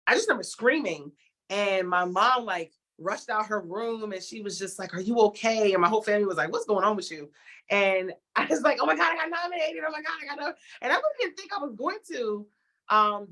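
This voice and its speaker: A young adult woman, a TV host, chatting as an interview guest and telling a story with lively acted-out reactions. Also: medium pitch. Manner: animated storytelling, acts out her own reactions. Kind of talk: casual interview chat.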